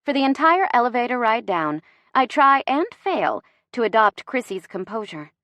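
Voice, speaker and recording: A woman narrating a first-person audiobook with lively, wry storytelling. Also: on the high side, moderate pace, no echo.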